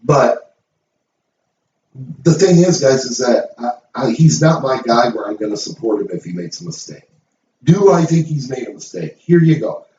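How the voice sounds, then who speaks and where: A man's voice: medium pitch, lively intonation, normal speed, dark tone. A middle-aged man hosting his own show, ranting to the camera in a blunt, profane, emphatic way. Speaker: host. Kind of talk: opinion rant to camera. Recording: roomy, distant, dull sound.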